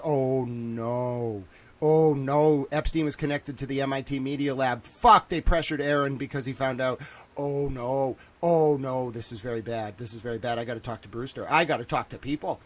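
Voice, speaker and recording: Speaking a little fast in a mid-range voice, this thirty-something livestream host is in a panic, swearing and repeating exclamations to his audience. It's an agitated monologue aimed at his viewers.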